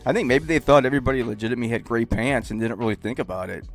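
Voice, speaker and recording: A man's voice: medium pitch, rapid-fire. Giggly, profane male podcast co-host. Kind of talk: casual sports podcast banter.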